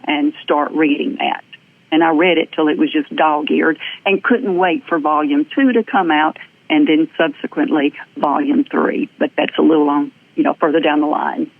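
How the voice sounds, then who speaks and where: A middle-aged woman with a Southern US accent, recounting her own experiences as an interview guest. Her telling is lively and earnest, with plenty of ums and uhs along the way. The sound is thin and phone-like, as if it came over a remote call. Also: fairly low pitch. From American South. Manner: lively, earnest storyteller with frequent fillers. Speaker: guest, energy practitioner. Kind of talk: personal storytelling in an interview. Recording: tinny phone-like audio.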